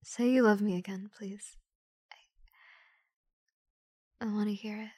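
A woman voicing a shy young woman who nervously confesses her love to a close friend, in a soft, halting whispered role-play with giggles. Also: mid-range voice, fairly even intonation, no echo, close to an everyday voice. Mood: flustered.

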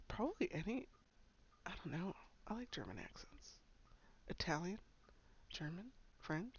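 Giggly, gravelly young woman chatting slowly. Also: on the low side, a bit bright. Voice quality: frequent giggles, breathy whispered asides. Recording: slightly dull lo-fi sound.

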